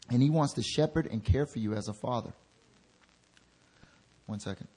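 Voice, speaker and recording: Intern pastor preaching with loud, rising exhortation. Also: male voice, normal speed, long pauses, slightly rough. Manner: swings from soft, low asides to loud, rising exhortation. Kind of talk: sermon.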